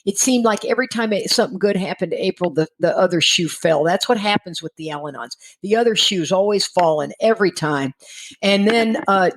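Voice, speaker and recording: A woman's voice: mid-range voice, a little fast, rough recording. A middle-aged woman from Texas sharing her personal recovery story candidly, acting out the dialogue of the people in it. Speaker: guest speaker in recovery.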